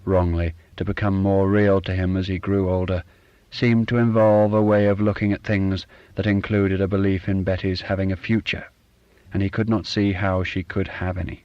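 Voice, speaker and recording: Low-voiced male audiobook narrator. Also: no echo, muffled recording. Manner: measured, even storytelling. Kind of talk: literary fiction reading.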